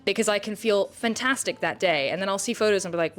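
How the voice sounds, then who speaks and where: A woman guest speaking openly in a casual interview, animated, laughing often and swearing freely. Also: medium pitch, quick pace, faint music behind. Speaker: guest, content creator. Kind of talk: candid interview chat.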